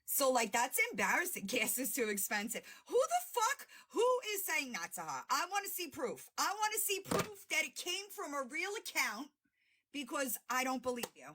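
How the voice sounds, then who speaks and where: Lady streamer going off on someone, high voice that jumps all over, swearing and mocking. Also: very animated, moderate pace, bright, forceful tone, a little hiss or hum. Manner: confrontational, profane, mocking. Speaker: livestream host. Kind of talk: heated livestream call-out.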